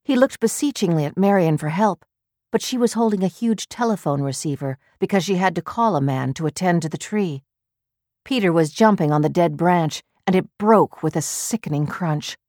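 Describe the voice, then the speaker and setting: A woman narrating a dramatic story in a measured, deliberate way. Her voice sits a little low, and the recording is close and dry, with no room sound. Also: darkish tone, dry recording. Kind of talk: scripted narration.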